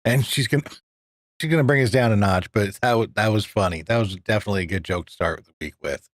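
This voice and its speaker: A man's voice: lowish voice, quick pace, dry recording, clean studio sound. A man hosting a live podcast stream, chatting casually and greeting viewers. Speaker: podcast host.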